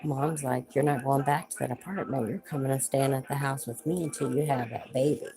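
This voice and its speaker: A woman's voice: a bass voice, steady tone, brisk, low-quality recording. A woman hosting a casual livestream, telling family stories in a chatty way and greeting viewers as they join. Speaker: livestream host.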